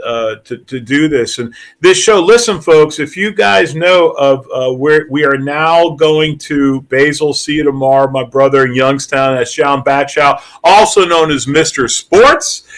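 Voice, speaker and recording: A man's voice: mid-range voice, a bit bright. A man, a comedian hosting a casual chat show, telling stories animatedly and laughing often.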